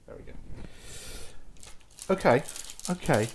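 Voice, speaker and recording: A man talks his way through opening card packs in a relaxed, unhurried commentary. His pitch swoops widely as he exclaims excitedly over each new pull. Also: slight background noise.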